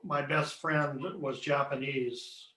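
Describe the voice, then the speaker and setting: A man hosting an interview, asking questions in a measured, complimentary way. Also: medium pitch, flat delivery, bright, forceful tone. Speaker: interviewer, host. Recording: roomy echo.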